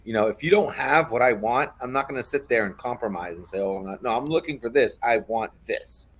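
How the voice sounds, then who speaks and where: A man's voice: mid-range voice, brisk, slightly rough. A man telling a heated story in casual chat on a live online show, swearing often.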